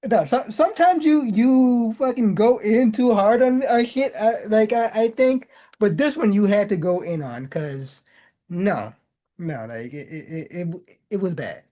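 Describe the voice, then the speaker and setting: Brief: halting, giggly co-host, dark mellow tone, dull lo-fi mic. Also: mid-range voice. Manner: hesitant, stammering, laughs often. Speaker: podcast co-host. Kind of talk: casual chat.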